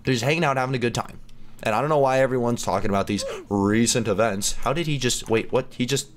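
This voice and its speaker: A man hosting a gaming channel, chatting and reacting excitedly as he plays through a game. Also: medium pitch, fast talker. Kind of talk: let's play commentary.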